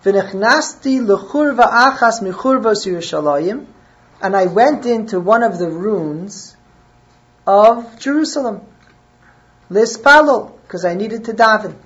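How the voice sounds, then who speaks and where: A woman's voice: medium pitch, lively intonation, a little slow, highs cut off. A woman giving a religious text lesson. She reads each phrase aloud, then translates and explains it. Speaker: Torah teacher.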